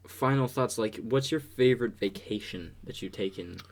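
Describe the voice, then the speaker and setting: Gravelly young man chatting casually. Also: lowish voice, moderate pace. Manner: laid-back, laughs often. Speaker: podcast host. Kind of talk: casual chat.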